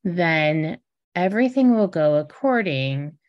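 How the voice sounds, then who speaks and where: A woman in her forties talks to her listeners as a podcast host, with a low voice. She takes her time, circling back and restarting phrases as she shares personal reflections in an earnest, conversational way. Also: expressive, takes it slowly, muffled recording. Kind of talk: reflective casual podcast monologue.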